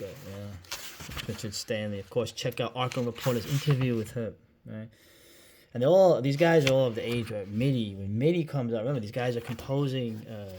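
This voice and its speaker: A man's voice: medium pitch, darkish tone, a little hiss or hum. A man reviewing a book in a casual vlog, rambling with many fillers, asides and "right?" tags, and now and then swearing or saying "dude".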